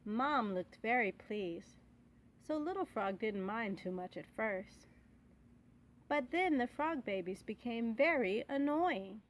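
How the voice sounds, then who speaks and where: A woman reading children's bedtime stories aloud in a clear, expressive way. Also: fairly high pitch. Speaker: storyteller.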